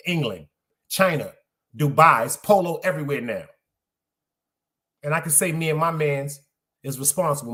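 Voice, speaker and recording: A man's voice: fairly high pitch, a bit bright. A middle-aged man, hosting a podcast in loose, streetwise solo chat, repeating phrases for emphasis. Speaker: podcast host. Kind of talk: casual solo livestream chat.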